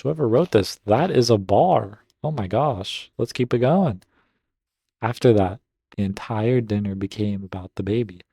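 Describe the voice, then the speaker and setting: A man with a lowish, mellow voice reads a story post aloud, then stops to cheer it on or react in casual asides. The sound is dry and close, with no room around it. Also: unhurried, vocal fry, husky, no room sound. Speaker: Reddit story reader and gaming commentator. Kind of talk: reading stories aloud with casual commentary.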